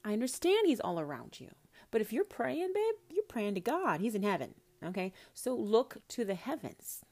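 This prophetess, as she calls herself, speaks at normal speed in a sing-song voice on the high side. Her spiritual talk to the camera is casual and coaxing; she calls the listener honey, lets swear words slip and sometimes lowers to a whisper.

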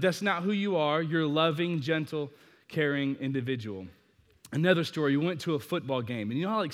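A young man preaching to a youth crowd in a casual storytelling way, swinging from hushed asides to loud bursts. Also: on the high side, in a large hall.

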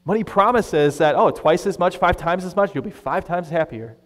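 A man preaching a sermon as pastor, conversational and animated, acting out the voices he quotes. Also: high voice, moderate pace, hardly any pauses, in a large hall.

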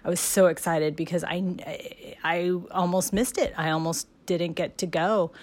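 Low-voiced woman telling a heartfelt story. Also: a little slow. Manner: emotional, laughing, trailing off softly. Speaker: guest telling her fan story. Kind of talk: casual storytelling, self-recorded.

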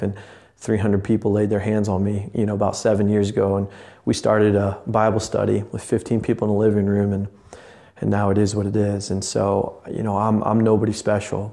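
A man's voice: on the low side, vocal fry, dark tone. A man, a lay pastor, preaching a passionate, earnest podcast sermon that rambles with restarts. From Indiana, USA.

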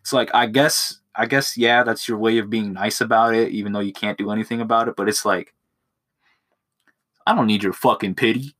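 A young man with a low, bright, sharp-edged voice rambles through a solo podcast at home. He swears constantly and mocks himself in loose, crude asides, talking into his phone. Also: fairly even intonation, brisk. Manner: crude, rambling, self-mocking, swears a lot. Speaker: podcast host. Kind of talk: casual solo podcast monologue.

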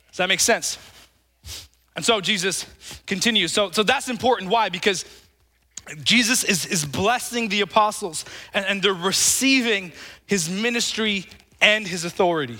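Bright-voiced preacher in a reverberant hall. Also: male voice, high-pitched, normal speed. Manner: emphatic, calls for congregation responses, repeats words. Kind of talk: sermon.

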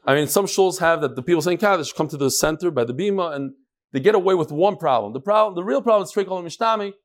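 Guy giving a talmud shiur, kinda high voice, jokes around a lot, tosses in hebrew and yiddish words. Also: fast. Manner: lively, joking, full of Hebrew and Yiddish terms. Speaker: Talmud teacher. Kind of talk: daf lesson to a live class.

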